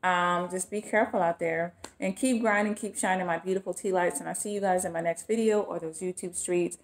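A woman, chatting in a casual vlog and gushing her thanks warmly. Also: on the low side, fairly even intonation, fairly quick, slight background noise. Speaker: vlogger.

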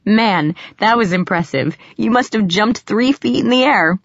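A woman's voice: medium pitch, lively intonation, measured pace, no room sound, pitched above the performer's own voice. A woman voicing a mischievous teenage boy, teasing and laughing at his neighbor. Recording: dry, slightly muffled.

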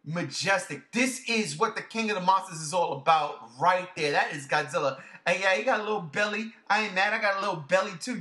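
Bright-voiced, gushing podcast host man. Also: sits high. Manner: gushing, swears freely, repeats himself. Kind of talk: excited casual podcast chat.

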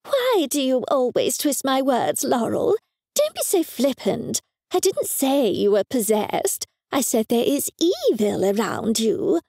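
A woman's voice: sits high, sing-song, measured pace, creaky, warm tone, no room sound, studio quality, voice pushed up, exaggerated voice. A woman voicing a fussy, superstitious older mother who scolds her daughter in a raised, insistent voice. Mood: scolding.

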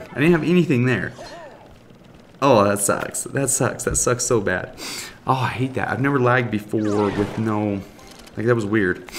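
Excitable man commenting on live gameplay. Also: mid-range voice, a little hiss or hum. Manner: excitable, talks to viewers and taunts opponents. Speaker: gaming YouTuber.

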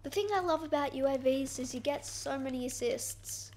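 A young woman giving excitable, self-mocking commentary over her own gameplay. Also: high-pitched, moderate pace, slight background noise. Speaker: gaming YouTuber.

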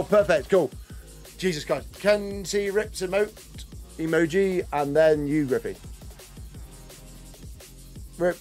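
Chatty male game streamer, a touch high-pitched, loose and rambling, faint music underneath. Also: a little mellow. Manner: chatty, rambling, greets and answers chat, laughs often. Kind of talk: casual live-stream commentary.

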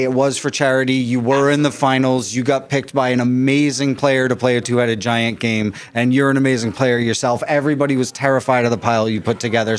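A man's voice: medium pitch, smooth. A man interviewing players at a gaming event, upbeat and encouraging. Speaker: interviewer at a card game event.

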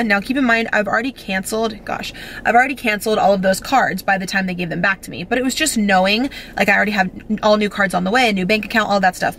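A woman's voice: mid-range voice, a bit bright, slight background noise. A young woman vlogging from home, telling a story in a gushing, breathless way and close to tears, full of fillers. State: teary, on the verge of crying. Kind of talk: emotional storytime vlog.

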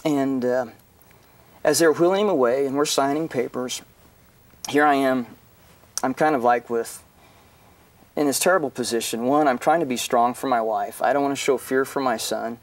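A middle-aged man, a pastor and guest, telling an emotional personal story in an earnest, halting way with many restarts. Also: mid-range voice, far from the mic.

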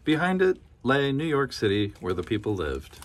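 A man reading a children's picture book aloud in a gentle, rhythmic storytelling manner. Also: mid-range voice, very animated, moderate pace. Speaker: storybook reader.

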